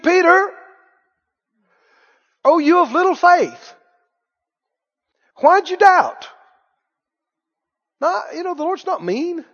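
A man preaching a sermon, emphatic, repeating key phrases, with quick asides and laughs. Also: extremely high pitch, a bit bright. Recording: muffled reverberant hall recording.

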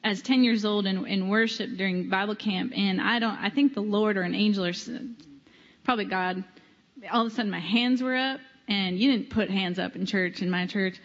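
Woman minister, earnest measured testimony, reverberant hall, dull sound. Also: mid-range voice, steady tone. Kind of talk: personal testimony.

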